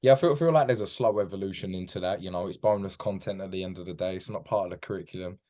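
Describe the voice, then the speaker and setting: A man's voice: low voice, very fast, warm tone. A man from England with a British accent, a chatty podcast guest on a video call who keeps saying mate. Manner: chatty, says "mate" often. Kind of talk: casual podcast chat.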